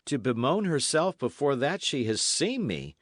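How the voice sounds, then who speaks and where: A man voicing a bold, cheerful young squire who speaks loudly and forthrightly in an old-fashioned storybook tale. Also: medium pitch, very animated, moderate pace, no room sound, studio quality, pitched above the performer's own voice. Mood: hearty. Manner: loud, hearty, forthright.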